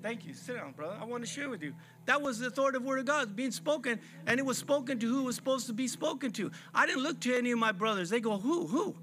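A man's voice: extremely high pitch, animated, fast, a bit bright. A man preaching a sermon at a church service, fervent and repetitive, calling out to the congregation. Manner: fervent, repetitive preaching with call-and-response phrasing.

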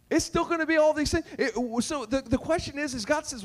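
High-voiced, emphatic male pastor. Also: fairly quick, hardly any pauses. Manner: emphatic, repetitive, joking, asks the crowd questions. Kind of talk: sermon.

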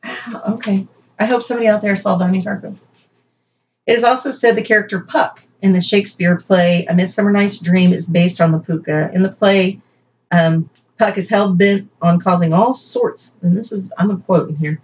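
A woman's voice: mid-range voice, steady tone, normal speed, darkish tone, rough recording. A woman co-hosting a casual podcast, reading folklore notes aloud with chatty asides and playful emphasis. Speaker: podcast co-host.

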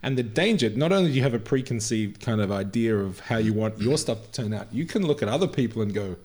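A man's voice: fairly low pitch, animated, fast, darkish tone. A man discussing faith casually, laughing often and speaking expressively.

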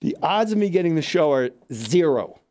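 A man telling stories in a casual interview, animated and acting out the people he quotes. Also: on the high side, normal speed. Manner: animated, acts out quoted voices. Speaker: comedian guest. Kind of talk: casual storytelling.

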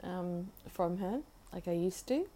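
With lively intonation, a woman hosts her casual at-home solo podcast, halting, rambling and restarting as she goes. Now and then she coos sweetly to her pet bird in a high voice.

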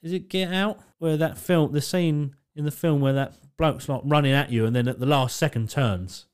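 A man's voice: on the high side, moderate pace, clear, resonant tone. A young man, a podcast co-host, telling stories in casual chat, laughing and swearing as he goes. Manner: swearing, laughing through animated anecdotes.

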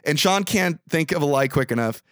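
A young man recapping a movie in casual podcast chat, animated, profane and mock-exasperated. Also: on the high side, brisk, no room sound, clean studio sound. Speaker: podcast co-host.

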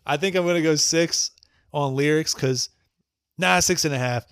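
A man's voice: fairly high pitch, normal speed, a bit bright, clean tone, no room sound, studio quality. A man co-hosting a podcast, giving blunt, profanity-laced album ratings in casual chat and teasing his co-hosts. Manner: blunt, swears freely, teasing. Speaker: podcast co-host.

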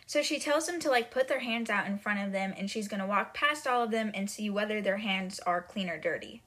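A woman's voice: medium pitch, fairly quick, fairly bright tone. Chatty woman recapping a book. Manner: chatty, filler-heavy retelling with lots of "she's like". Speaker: podcast host. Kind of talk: casual book-chapter recap.

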